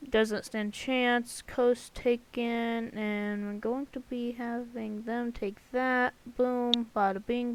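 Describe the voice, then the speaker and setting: Woman, slightly high-pitched, casual rambling map commentary, jokey with playful sound effects. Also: slight background noise, rough recording. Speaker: channel host. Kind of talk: casual commentary over an alternate-history map.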